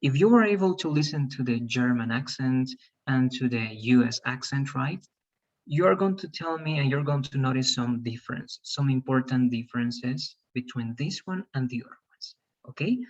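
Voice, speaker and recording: Husky man teaching an online class. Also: mid-range voice, expressive, normal speed. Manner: coaxing, repeats "all right" and "right". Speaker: English teacher. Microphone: video call. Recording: dull, lo-fi video call audio.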